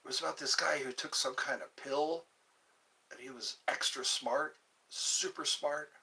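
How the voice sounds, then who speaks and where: A man's voice: on the high side, fairly even intonation, a little slow, creaky, pushed and bright, far from the mic. A man hosting a casual livestream, rambling and joking as he chats with his viewers. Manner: rambling, jokey, chatting with viewers. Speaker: livestream host.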